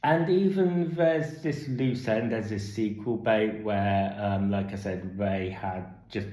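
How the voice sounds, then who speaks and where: A man with a lowish voice talks slowly through a film review in an echoey room. He rambles with constant fillers and restarts, and he turns incredulous and sarcastic. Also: darkish tone. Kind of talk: casual spoken film review.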